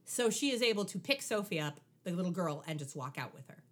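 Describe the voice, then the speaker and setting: Wry, animated woman recapping a show. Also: fairly low pitch, quick pace. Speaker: podcast co-host. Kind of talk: casual chat recapping a TV episode.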